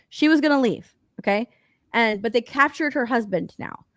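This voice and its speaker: A woman co-hosting a casual podcast, recapping a movie in an animated, profane way and acting out the characters' lines. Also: fairly high pitch, normal speed, dry recording. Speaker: podcast co-host.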